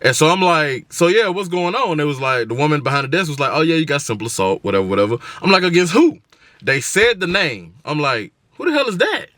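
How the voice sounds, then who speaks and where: A man telling an animated, slangy story from his car, acting out every voice he quotes. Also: on the high side, a little fast, no echo. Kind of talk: casual storytime. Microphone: camera in the car.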